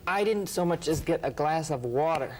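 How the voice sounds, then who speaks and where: A man, a writer and interview guest, telling lively anecdotes and acting out what others said. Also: a little high, normal speed, slight background noise, low-quality recording. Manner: animated, acts out quotes, laughs often. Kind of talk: anecdotal storytelling.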